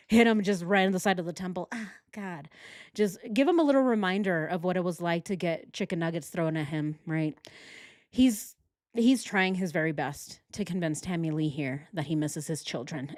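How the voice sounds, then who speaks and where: A woman with a lowish voice delivers true crime reaction commentary over video, indignant and conversational, often putting questions to her viewers. The recording is studio quality with no echo.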